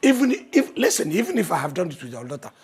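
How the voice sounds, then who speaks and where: A man's voice: high voice, huge pitch swings, quick pace, heavily acted. An actor with a Nigerian accent playing an arrogant man who scornfully dodges responsibility. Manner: dismissive, boastful.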